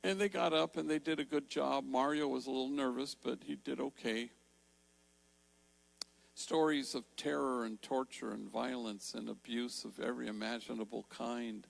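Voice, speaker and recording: An older man giving a storytelling talk in a large church, slowing down to stress key words. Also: mid-range voice, steady tone, gravelly, low-quality recording. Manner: warm storytelling, slows for emphasis. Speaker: Jesuit priest and speaker.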